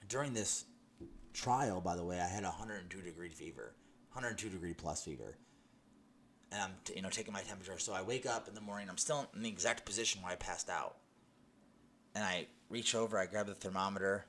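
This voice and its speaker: A man's voice: low voice, slight background noise. A man telling a personal testimony in a casual, emphatic way, with restarts and laughter. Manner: excited, laughing, emphatic storytelling with many restarts. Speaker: testimony speaker.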